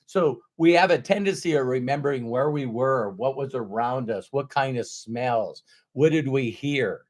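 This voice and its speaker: Middle-aged male motivational speaker, mid-pitched voice, candid personal storytelling with sudden loud bursts. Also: moderate pace.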